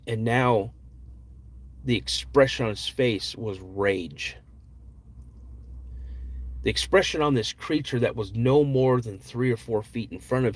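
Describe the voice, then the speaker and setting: A man hosts a podcast and retells someone else's encounter, building suspense slowly. He often stops, restarts and repeats words as he goes. His voice sits in an ordinary middle pitch. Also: slightly rough. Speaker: podcast host. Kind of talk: retelling an eyewitness encounter story.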